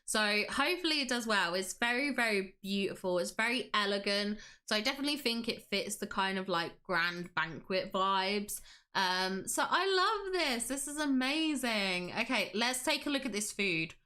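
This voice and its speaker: A woman's voice: medium pitch, lively intonation, moderate pace, bright, forceful tone. A woman hosting a casual livestream, gushing with enthusiasm and reading chat aloud. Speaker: livestream host.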